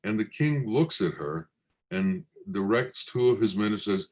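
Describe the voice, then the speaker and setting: A man with a low voice tells a teaching parable very slowly and deliberately. He speaks as a spiritual teacher, taking his time over each line. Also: lively intonation, a little mellow. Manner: slow, deliberate storytelling.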